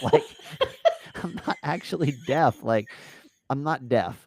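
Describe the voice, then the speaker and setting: Man podcast host, lively pitch, dry sound, rambling casual story. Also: moderate pace, husky, no room sound. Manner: animated, rambling, swears and laughs.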